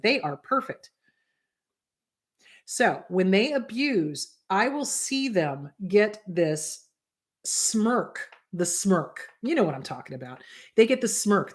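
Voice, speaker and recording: A woman therapist hosting her own show, talking casually and bluntly to viewers, often pausing to ask them whether they follow her point. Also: mid-range voice. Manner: emphatic, blunt, repeats rhetorical questions to the audience; acts out quoted voices in passing. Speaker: therapist and host. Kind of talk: casual advice talk to viewers.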